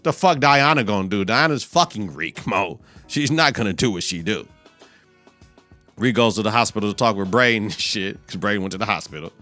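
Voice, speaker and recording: Over soft background music, a man with a lowish voice talks a little fast as he hosts a podcast. He recaps a TV episode loosely and profanely, animatedly performing the characters' quotes in different voices.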